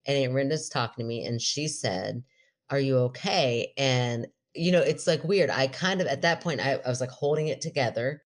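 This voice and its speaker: A woman's voice: rumbling low, moderate pace. A middle-aged woman co-hosting a podcast, telling a story in casual chat, laughing often and acting out what people said. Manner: animated storyteller, laughs often, quotes herself in a raised voice. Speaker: podcast co-host.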